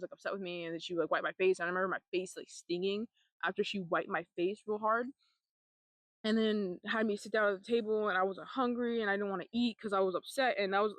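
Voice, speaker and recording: A young woman shares a personal testimony on her vlog, in a loose, halting ramble full of fillers and casual swearing. Her voice sits at an ordinary middle pitch. The sound is dry and close. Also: fairly bright tone, dry recording. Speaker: vlogger.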